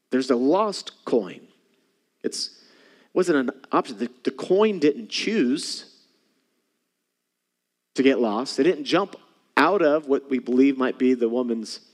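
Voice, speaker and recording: A man preaching a sermon as pastor, animated, swinging from hushed, intimate lines to emphatic ones. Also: medium pitch, long reverb tail.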